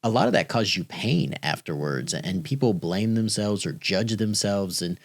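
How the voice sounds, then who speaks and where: Brief: middle-aged male host, lowish voice, dry close sound, earnest and encouraging. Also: normal speed, dry recording. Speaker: podcast host. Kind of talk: podcast conversation.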